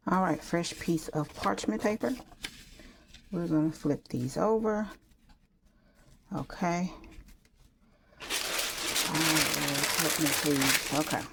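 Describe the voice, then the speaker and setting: A woman chatting casually and excitedly while making a gift on camera, full of exclamations. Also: low voice, a little hiss or hum. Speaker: crafter vlogger. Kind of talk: casual talk while crafting.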